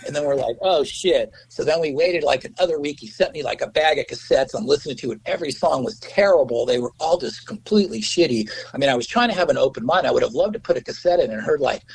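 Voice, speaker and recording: A man's voice: fairly high pitch, animated, fast talker, vocal fry, few pauses, a little hiss or hum, rough recording. A middle-aged man, a musician guest, telling stories in a rambling, casual way, full of "you know" and swearing. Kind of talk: casual storytelling.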